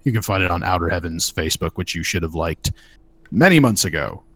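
A man's voice: deep voice, expressive, fairly quick, fairly bright tone, breathy edge, no echo. A man co-hosting a podcast in casual chat, loose and profane, often restarting his phrases. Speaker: podcast co-host.

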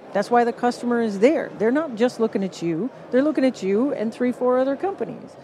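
Mellow-voiced Canadian woman telling stories. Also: on the high side, slight background noise. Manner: animated storyteller, acts out quoted reactions. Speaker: guest author and positioning consultant. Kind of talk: conversational interview on a podcast stage. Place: live podcast stage at a conference.

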